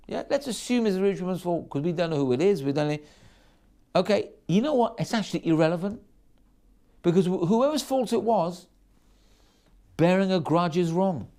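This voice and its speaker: A rabbi giving a storytelling sermon with animated delivery, frequent restarts and repeated words. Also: male voice, high-pitched.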